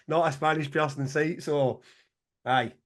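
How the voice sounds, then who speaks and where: A man's voice: on the high side, steady tone, normal speed. A man in his forties co-hosting a podcast, telling a long story in casual chat, swearing freely and laughing as he goes. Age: 40s. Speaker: podcast co-host.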